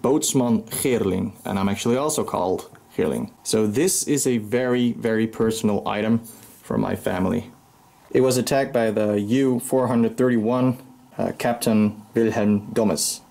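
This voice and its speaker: A man's voice: on the low side, normal speed, creaky, mellow. A Dutch man with a Dutch accent, hosting an enthusiastic show-and-tell tour of his collection room at home, pointing out items one by one. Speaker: collector and channel host.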